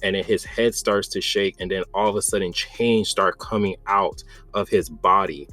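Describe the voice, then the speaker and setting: A man's voice: low voice, fairly even intonation, normal speed, fairly bright tone, soft background music. A man hosting his own channel, recapping and reviewing a manga chapter in a loose, enthusiastic way, full of "like" and "bro".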